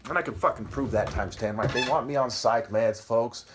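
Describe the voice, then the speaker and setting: This video commentator speaks at medium pitch and normal speed over a noisy background. Agitated and swearing, he addresses the camera, skipping between puns and accusations and tacking on "okay?" and "right?" over and over.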